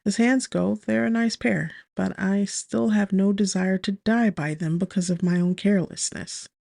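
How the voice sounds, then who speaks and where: A woman narrating a first-person romance audiobook in a lively, bubbly way, with sudden high exclamations, on a close studio mic. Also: moderate pace, gravelly, no room sound.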